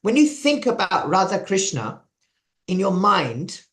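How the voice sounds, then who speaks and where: A man's voice: high-pitched, very animated, unhurried, fairly bright tone. A man with an English accent giving a chatty devotional talk, sharing stories and asking the audience questions. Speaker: preacher.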